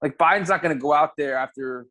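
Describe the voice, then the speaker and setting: A man from the United States in casual, profane, animated chat as a podcast co-host. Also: fairly high pitch, fast talker.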